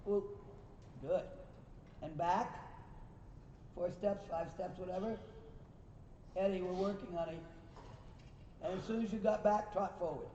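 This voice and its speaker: Guy teaching a riding lesson, high voice, mellow tone, way off from the mic, cheers on the horses and fixes the riders. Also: steady tone, a little slow, pauses often, slight background noise. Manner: calls encouragement and corrections to riders and horses. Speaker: riding instructor. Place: riding arena. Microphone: recorder far from the speaker. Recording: distant, echoey, dull recording.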